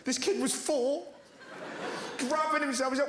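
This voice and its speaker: Animated high-voiced male comedian on stage. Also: noisy background. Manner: animated storytelling, acting out characters in quick voices. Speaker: stand-up comedian. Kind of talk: stand-up comedy set. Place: large theatre on stage. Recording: echoey theatre, loud crowd laughter. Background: audience laughing.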